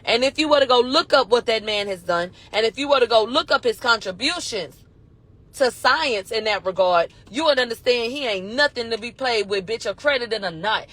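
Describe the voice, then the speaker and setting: A woman's voice: fairly high pitch, lively intonation, normal speed, fairly bright tone. A woman recapping a court case in a casual retelling, blunt and profane, acting out the dialogue she quotes.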